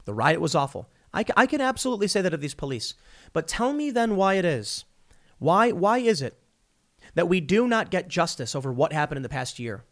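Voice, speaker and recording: His voice is high, very animated, fairly quick and a bit bright. The speaker, a political commentator, gives an emphatic, combative monologue full of opinions and frequent restarts.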